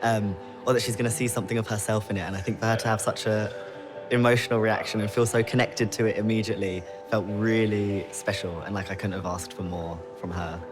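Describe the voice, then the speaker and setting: A man, a portrait artist, speaking thoughtfully and softly about his work. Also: on the low side, steady tone, fast talker, over music. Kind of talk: reflective interview talk.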